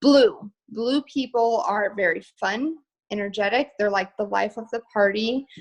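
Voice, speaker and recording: A woman's voice: mid-range voice, measured pace, highs cut off. A woman speaking casually on a live stream as a guest, chatty and upbeat, with many fillers.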